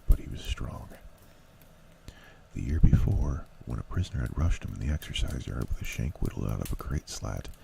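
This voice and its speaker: A man reads a novel aloud in a slow, low ASMR style, his voice extremely deep and full of vocal fry. Keyboard clicks come through clearly behind him. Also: recorded from a distance, background noise. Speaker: ASMR channel reader. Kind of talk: ASMR audiobook reading.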